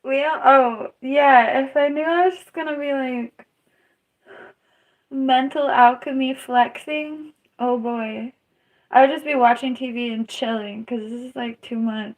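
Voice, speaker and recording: Slow-talking young woman streaming in pain. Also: high-pitched, fairly even intonation, low-quality recording. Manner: rambling, laughing through pain, groaning. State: in pain, tearful. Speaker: livestreamer. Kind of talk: casual live stream chat.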